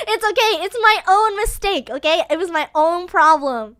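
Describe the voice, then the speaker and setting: A woman streamer telling a story in casual livestream chat, animated and giggly, playfully dramatic. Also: very high-pitched, normal speed, no room sound.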